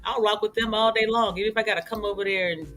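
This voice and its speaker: Bright, high-voiced emphatic man. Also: steady tone, rapid-fire. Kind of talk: casual chat.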